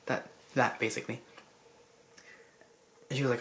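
A vlogger casually recapping a film in an effusive, rambling way, full of restarts and asides, clearly moved by the story. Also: medium pitch, steady tone, moderate pace, pauses often. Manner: emotional about the story.

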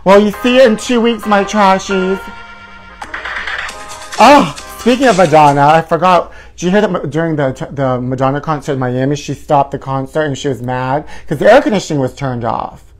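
A man's voice: fairly high pitch, normal speed, faint music behind, close to an everyday voice. A man playing a flamboyant, self-adoring male gossip show host, rambling dramatically with sighs and groans in a campy comedic monologue. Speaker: parody talk-show host.

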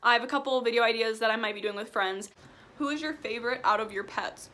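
A woman's voice: fairly high pitch, quick pace, bright, forceful tone, slight background noise. A young woman from Illinois talking casually to her channel from home, chatty and upbeat as she eats lunch. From Wilmington, Illinois, USA. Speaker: vlogger. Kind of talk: casual chat while eating. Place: at home, indoors.

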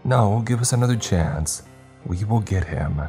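A man's voice: fairly low pitch, lively intonation, unhurried, mellow, faint music behind, pitched above the performer's own voice. A man voicing a hysterical programmed mother who grins through tears, speaking in a sing-song, unhinged way. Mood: pleading.

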